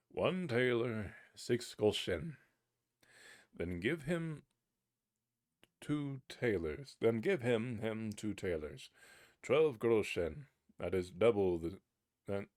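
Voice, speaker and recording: A man reads a fairy tale aloud in a low, measured voice, lifting it a little for the characters' lines. The recording is close and dry, with no room sound. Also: darkish tone, no echo. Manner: unhurried, lightly voicing the characters' lines. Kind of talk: storybook reading aloud. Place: home streaming setup.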